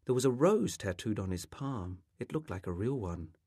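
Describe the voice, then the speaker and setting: A male author reading a passage of his literary novel aloud in a measured, expressive way, close to the microphone. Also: on the low side, slightly rough, dry recording.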